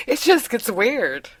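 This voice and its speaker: A woman co-hosts a relaxed podcast chat with a bright, forward voice. She tells stories in a loose, talkative way and laughs often. The sound is dry and close, with no room echo. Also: on the high side, slightly rough. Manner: chatty, laughs often while telling stories. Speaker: podcast co-host.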